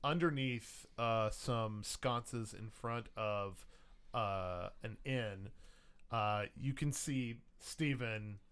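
A man narrating a tabletop role-playing game as game master, relaxed and unhurried with many fillers. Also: fairly low pitch, clean tone.

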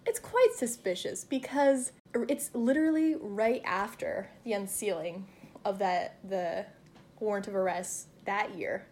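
Laughing often and leaning on fillers, this true-crime podcast co-host narrates quickly in a relaxed, chatty style. Her voice is mid-range and a little mellow.

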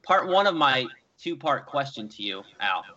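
A young man, co-hosting a casual sports chat, animated and rambling. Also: mid-range voice, normal speed, a little hiss or hum. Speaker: co-host. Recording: dull lo-fi sound.

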